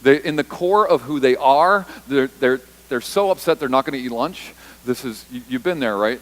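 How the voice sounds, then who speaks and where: With medium pitch and lively intonation, a male pastor delivers a conversational church sermon at normal speed. He reinforces points by repeating them and performs brief quoted voices for Jesus and the disciples, all in rough-quality audio.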